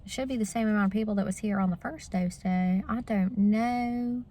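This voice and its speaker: A woman's voice: mid-range voice, normal speed, dark tone. A woman, chatting casually to her viewers in a vlog. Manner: chatty, talks straight to viewers. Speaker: vlogger.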